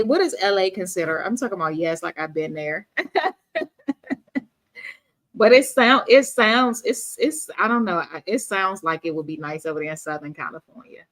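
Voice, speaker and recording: A woman's voice: mid-range voice, fairly bright tone. A woman from D.C. hosting a casual livestream, chatting with viewers and reading their comments aloud. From Washington, D.C.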